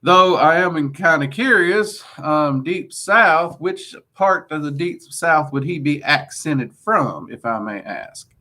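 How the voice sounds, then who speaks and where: Answering live chat on a casual stream, a man speaks with a Southern accent blending Kentucky and Louisiana. His slightly high voice is bright, forceful, and animated, slow yet with hardly any pauses, and he rambles with many ums and friendly asides.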